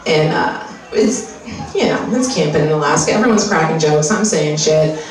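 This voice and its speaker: A woman's voice: low voice, lively intonation, normal speed. A woman putting on the voice of a pushy skincare advertiser in a stand-up bit. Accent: American. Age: 30s. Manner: brash, profane, conversational storytelling. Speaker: stand-up comic. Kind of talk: stand-up comedy set. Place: live comedy venue with audience. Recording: echoey room recorded from far off, crowd noise.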